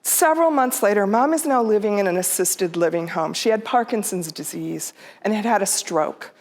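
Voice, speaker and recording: A woman's voice: mid-range voice, lively intonation, moderate pace. Heartfelt woman telling a family story. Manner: heartfelt, quotes her own and her mother's words in her own voice. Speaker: speaker. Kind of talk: storytelling talk to a live audience. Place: theater stage.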